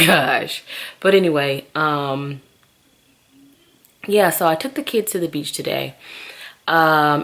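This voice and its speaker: A woman, telling stories to camera in a lively, gossipy way and calling her viewers "girl". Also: sits low. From Southern US. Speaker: vlogger. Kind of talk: casual chatty storytelling to camera.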